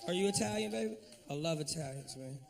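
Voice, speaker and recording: A male stand-up comic works the crowd in a profane, animated routine. His voice is high and gravelly. It sounds a little distant from the microphone. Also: fast talker. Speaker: stand-up comedian. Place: comedy club stage.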